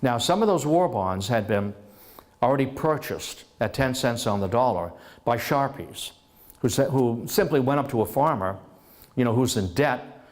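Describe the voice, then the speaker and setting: Animated man lecturing on history. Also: mid-range voice, normal speed. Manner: lively storytelling, acts out historical figures in dialogue; restarts and repeats words often.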